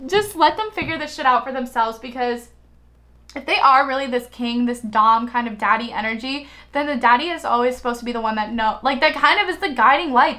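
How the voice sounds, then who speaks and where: Woman, young adult, high-pitched, casual tarot reading, profane, giggly. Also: a bit bright. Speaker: tarot reader.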